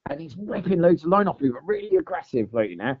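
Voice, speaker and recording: A man's voice: on the high side, fast talker. A man telling a long fishing story in casual chat, full of "mate" and "like". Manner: animated storyteller, says "mate" and "like" a lot. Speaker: podcast guest. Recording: dull lo-fi podcast audio.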